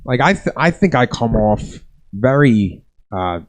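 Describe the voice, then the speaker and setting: A man from South Philadelphia co-hosting a casual comedy podcast, telling stories in an animated way and repeating words as he gets worked up. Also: mid-range voice, measured pace. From South Philadelphia, USA. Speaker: podcast co-host, stand-up comic. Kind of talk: casual chat, storytelling.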